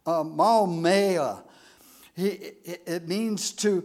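A pastor preaching an emotional sermon to his congregation, moving between hushed, tender moments and emphatic, raised declarations and drawing the crowd in with questions. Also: sits high, extremely slow. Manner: asks the congregation for a show of hands.

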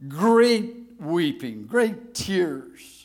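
A man preaches to his congregation, his voice sitting high and leaping up and down in pitch. He takes his time, dropping to near-whispers on tender points and pushing out loud on emphatic ones. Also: very animated, very slow. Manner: emotional, swings between hushed and emphatic; asks the congregation for a show of hands. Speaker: pastor. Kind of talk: sermon.

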